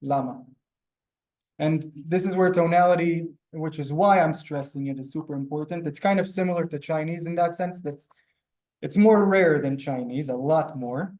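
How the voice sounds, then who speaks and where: A man's voice: on the high side, a little mellow. A man teaching a live beginner language class over a video call, drawing out and exaggerating each word he pronounces. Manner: drawn-out, exaggerated pronunciation of words. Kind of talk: live online beginner lesson. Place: teaching room in front of a board.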